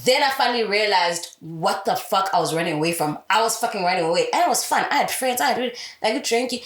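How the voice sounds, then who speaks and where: Young woman, radio personality as a guest; frank and animated, curses freely, mid-pitched voice in a roomy, echoing space. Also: fast talker. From South Africa. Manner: candid, swears freely, animated. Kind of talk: casual interview. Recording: roomy echo.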